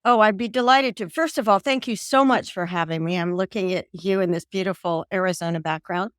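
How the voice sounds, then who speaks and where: A woman's voice: medium pitch, fairly quick, no room sound, clean studio sound. An older woman from the American South, telling her story as an interview guest over a video call. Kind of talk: casual interview talk.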